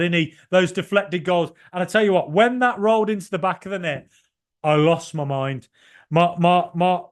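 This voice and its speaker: A man in his forties from Ireland, hosting a podcast and giving a rambling, passionate solo reaction to a football match. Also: fairly high pitch. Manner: rambling, passionate, swings from shouting to muttering. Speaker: podcast host.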